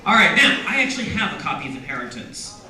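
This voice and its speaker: A man's voice: fairly high pitch, big pitch swings, fast, recorded from a distance, heavy background noise. A man, an author, chatting playfully with a crowd at a bookstore signing, joking about himself and laughing often. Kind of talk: reading excerpts and chatting with a crowd. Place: large indoor bookstore. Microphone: audience camera from a distance. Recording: echoey room, recorded from afar.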